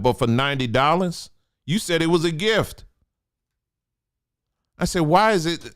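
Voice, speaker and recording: Joking, lively-voiced man riffing casually. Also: mid-range voice, smooth, no room sound, studio quality. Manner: laid-back, joking, lots of asides and fillers. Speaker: podcast host. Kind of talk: casual commentary monologue.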